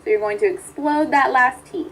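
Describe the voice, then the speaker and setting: A woman with a high voice gives a clear, upbeat instructional lesson, explaining speech therapy techniques step by step. She sounds like a practiced therapist talking straight to camera. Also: moderate pace, a little hiss or hum, low-quality recording.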